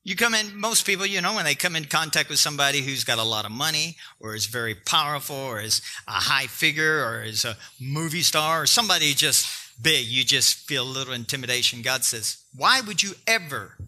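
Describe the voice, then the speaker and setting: A man's voice: medium pitch, lively intonation, fairly quick, bright, forceful tone. A male pastor preaching a sermon, emphatic and joking, talking straight to his congregation.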